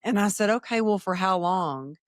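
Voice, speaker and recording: A middle-aged woman, a podcast guest, telling a personal story and acting out the dialogue with lively shifts. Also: medium pitch, normal speed, no room sound, studio quality. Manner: animated, acts out quoted dialogue.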